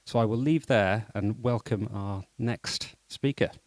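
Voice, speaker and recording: A man speaks at a conference with a fluent, persuasive delivery, building his points steadily. His voice sits a little low. The recording is dry and close. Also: a little slow, no echo. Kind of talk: live conference talk.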